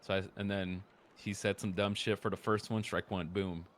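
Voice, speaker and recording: A man casually retelling a roleplay story, animated and profane, acting out the other people's lines in a low mutter. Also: moderate pace. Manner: animated, profane, acts out quotes in a lower mutter.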